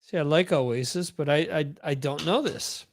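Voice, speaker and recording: A man's voice: a little high, normal speed. A man hosting a live-stream podcast, chatting casually, rambling and repeating words while reading out viewer comments. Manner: rambling, repeats words, reads chat aloud. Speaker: podcast host.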